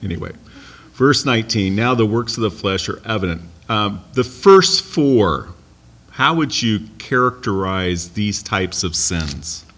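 Low bright-toned American man teaching Bible study. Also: expressive, a little slow. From United States. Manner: conversational, asks the class questions, joking asides.

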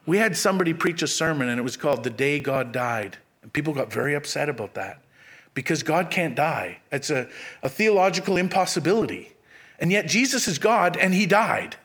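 A man preaching a sermon, acting out quotes with sudden jumps in pitch and dropping to a hushed low voice on key phrases. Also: expressive, a little fast. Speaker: pastor.

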